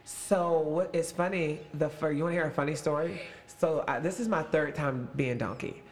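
A man's voice: on the high side, normal speed, a little hiss or hum. A man in his late twenties, an actor, chatting with young castmates in a casual, upbeat, playful interview.

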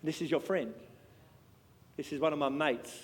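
A man preaching a sermon with passion, swinging between loud and hushed. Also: a little high, normal speed. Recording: long hall reverb.

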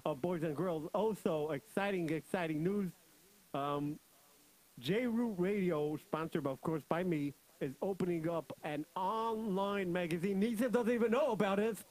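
A young man hosting a children's radio show, joking, laughing often and telling stories in an animated way. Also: sits high, moderate pace, poor audio. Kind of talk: playful storytelling for kids.

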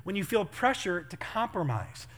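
A man's voice: high voice, normal speed. A middle-aged man, a pastor, telling funny stories in a sermon and laughing as he acts out what people said. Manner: animated, laughing, acts out quotes. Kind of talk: storytelling sermon.

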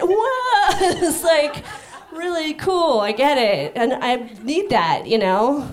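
A woman doing a stand-up set on stage, rambling and self-deprecating in a high-strung way. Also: lively intonation, a little slow. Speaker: stand-up comic. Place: comedy club stage. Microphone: stage microphone.

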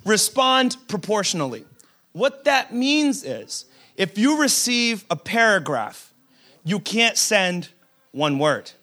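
A man preaching a sermon as pastor, his voice sitting high and sounding crisp and bright. He tells stories with humor, acts out imagined lines, and doubles up words when he drives a point home. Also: slow pace. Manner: humorous storytelling with acted-out quotes; animated, repeats words while building a point.

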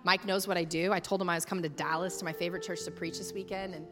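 A woman's voice: on the low side, rapid-fire. A woman from Texas with a Texan accent, preaching a sermon as a guest speaker and telling stories with folksy asides. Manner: storytelling, animated, folksy asides. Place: church sanctuary. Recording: large hall with long reverb, music behind.

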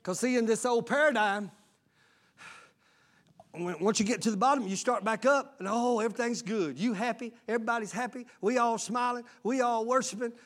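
High-voiced pastor preaching with fiery shouts. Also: male voice, moderate pace. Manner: preaching with bursts of shouting and laughter, calling out to the congregation. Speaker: lead pastor. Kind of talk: sermon.

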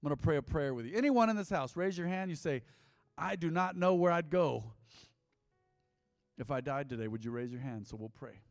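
Pastor guy preaching hard, kinda high voice, long echo off the church hall. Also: animated, a little fast, creaky, faint music behind. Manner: emphatic preaching, repeats lines, swings loud and soft. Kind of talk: sermon.

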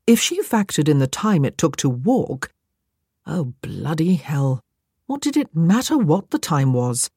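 A woman narrating an audiobook with an expressive, wry storytelling manner. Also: low-pitched, moderate pace, few pauses, husky, dry recording, clean studio sound.

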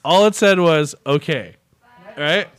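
A man's voice: on the high side, slow, clear, resonant tone. A man, a chef, telling kitchen stories in casual chat, swearing freely and acting out what others said. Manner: animated storytelling, swearing, acting out quotes.

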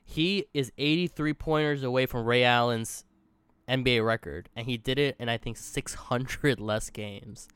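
A man co-hosting a casual sports podcast in a relaxed, easygoing way. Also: mid-range voice, normal speed, smooth, no echo. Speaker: podcast co-host.

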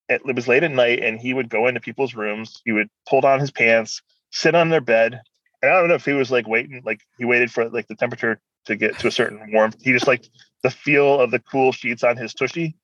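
A man's voice: medium pitch, a bit bright, no room sound. Man telling a rambling story, muffled audio. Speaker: guest. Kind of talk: personal storytelling in conversation.

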